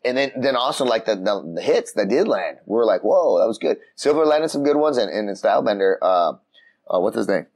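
A man on a casual podcast, telling a story with lively voices for the people in it. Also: lowish voice, brisk. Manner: animated storytelling, acts out voices, frequent restarts. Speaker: podcast co-host. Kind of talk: casual chat. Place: room outside the usual studio.

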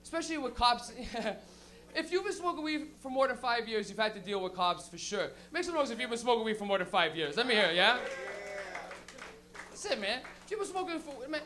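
A man doing a profane, animated stand-up routine at an open mic, acting out characters as he goes. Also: very high voice, a little fast. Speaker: stand-up comedian. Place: comedy open mic in a crowded apartment.

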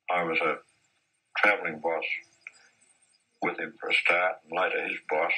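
Man, deep voice, husky, forceful, storytelling, old interview. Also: poor audio. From Australia. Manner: measured, anecdotal, with occasional restarts. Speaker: interviewee, former mine boss. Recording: 1970s archive interview.

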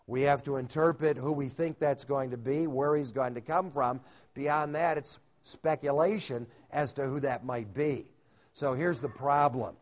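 Folksy male Bible conference preacher. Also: mid-range voice. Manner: folksy, with frequent "uh" fillers and humorous asides. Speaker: conference speaker. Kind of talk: sermon-style Bible teaching. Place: hotel conference room.

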